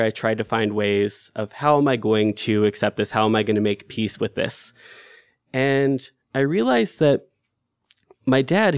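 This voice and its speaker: Smooth-voiced man telling a personal story. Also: mid-range voice, no room sound, clean studio sound. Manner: candid and conversational, with filler words and restarts.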